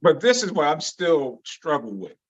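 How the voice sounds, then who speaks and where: A man hosting a casual discussion on a video call, voicing his views in a measured way. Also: on the high side, big pitch swings. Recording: muffled video call audio.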